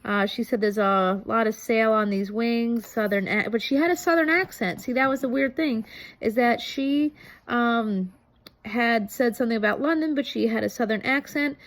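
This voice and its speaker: A woman in her thirties talks casually to camera, reviewing a TV episode. Her voice sits a little high, and she rambles, filling gaps with ums and starting phrases over. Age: 30s. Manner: rambling, many ums and restarts. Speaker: vlogger reviewing a TV show. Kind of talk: casual chat.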